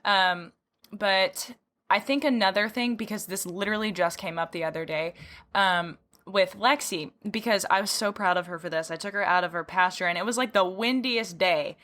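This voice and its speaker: A woman's voice: mid-range voice, normal speed, pushed and bright. A woman hosting a horse-training podcast, chatting casually, giggling often and acting out her own reactions. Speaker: podcast host.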